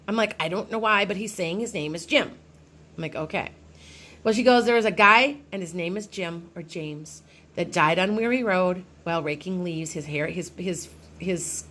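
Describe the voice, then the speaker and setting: A woman's voice: on the low side, a bit bright. A middle-aged woman, a psychic medium, telling a personal ghost story to her followers in a casual, rambling way with many restarts.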